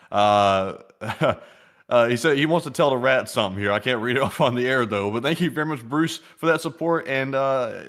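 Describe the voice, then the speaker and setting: A man's voice: medium pitch, fairly bright tone. A man co-hosting a casual livestream, reading viewer messages aloud and rambling with chuckles. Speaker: co-host reading super chats.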